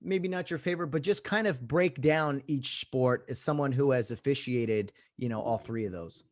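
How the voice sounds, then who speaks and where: A man hosting a casual interview podcast, easygoing and quick to laugh along. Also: medium pitch. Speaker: podcast host.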